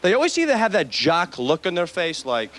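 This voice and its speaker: A man's voice: sits high, huge pitch swings, fairly quick, fairly bright tone. A man doing a stand-up set, mocking and mimicking jocks while working the audience. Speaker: stand-up comedian. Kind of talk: stand-up comedy set with crowd work. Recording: noisy old videotape with audience.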